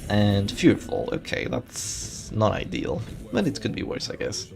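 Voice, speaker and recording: A man streaming a tournament and commentating live in a chatty, animated way, thinking aloud and restarting his sentences. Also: fairly low pitch, measured pace, gravelly, faint music behind. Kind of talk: casual live game commentary.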